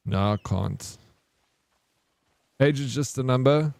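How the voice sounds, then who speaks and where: A man's voice: mid-range voice, slow, creaky, long pauses, darkish tone, no room sound. A man streaming a game and chatting casually with his viewers, teasing them back in playful banter. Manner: playful teasing banter, reads chat aloud.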